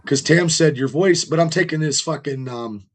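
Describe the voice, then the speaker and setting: Rough-voiced man telling rambling stories. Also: a little high, moderate pace, a bit bright. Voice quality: rough, strained voice. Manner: rambling storyteller, heavy swearing. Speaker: podcast host. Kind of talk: casual podcast chat.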